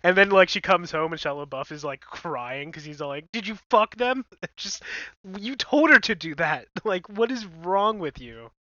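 A man's voice: fairly high pitch, lively intonation, normal speed, pushed and bright, no echo, muffled recording. A man co-hosting a casual, crude film recap chat, blunt and chuckling. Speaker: podcast co-host.

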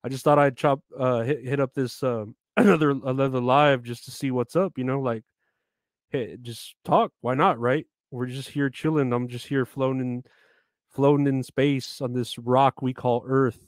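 A man's voice: medium pitch, steady tone, moderate pace, dry recording, clean studio sound. A man chatting casually on a live stream, rambling, swearing often and reading out names from the chat.

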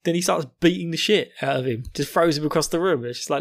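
A man's voice: on the high side, quick pace, gravelly. A young man hosting a podcast, rambling through a casual episode recap with frequent laughs. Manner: rambling, jokey, laughs often. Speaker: podcast host.

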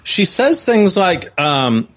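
A man co-hosting a podcast, recapping events at an even pace with sarcastic asides. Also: sits high, takes it slowly. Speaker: podcast co-host.

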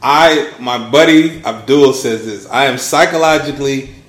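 A man in his thirties, a podcast guest telling his story in a casual, animated way. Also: moderate pace, roomy sound. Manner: animated storyteller, acts out quotes with big pitch swings. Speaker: podcast guest, launch strategist.

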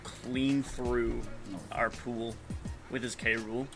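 A man's voice: medium pitch, little pitch movement, slow pace, over music. A man co-hosting a podcast, chiming in casually and laughing. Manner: laid-back, laughing, chiming in. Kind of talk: casual chat.

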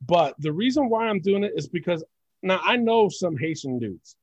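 Sitting high in pitch, his slightly rough voice moves at a moderate pace with no room sound. He's a Puerto Rican wrestling podcast co-host who chats casually, ranting with blunt, profane energy.

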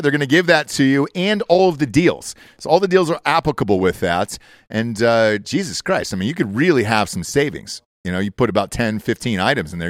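A man's voice: medium pitch, no room sound, clean studio sound. A man hosting a podcast, joking crudely and reading sponsor ads in a brash, profane way. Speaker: podcast host. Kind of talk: crude casual chat and ad reads.

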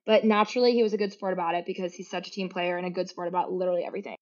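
A woman's voice: lowish voice, level tone, racing, a little mellow. Chatty young woman on a podcast. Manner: chatty, laughs often, fillers. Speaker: podcast co-host. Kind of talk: casual sports chat. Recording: slightly dull lo-fi audio.

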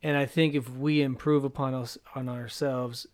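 A man's voice: mid-range voice, fairly even intonation, moderate pace, smooth. A man co-hosting a casual podcast who muses earnestly and reflectively. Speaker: podcast co-host.

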